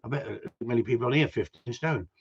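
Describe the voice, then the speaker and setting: Sweary husky bloke livestreaming. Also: male voice, mid-range voice, lively intonation, fast. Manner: blunt, sweary, self-mocking banter. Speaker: dog trainer livestreaming. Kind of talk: casual live-stream chat. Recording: dull lo-fi livestream audio.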